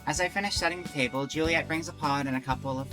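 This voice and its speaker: Music sits in the background as a streamer talks at a quick pace in a mid-range voice. Candid chat with viewers alternates with reading a visual novel aloud, full of rambling and restarts.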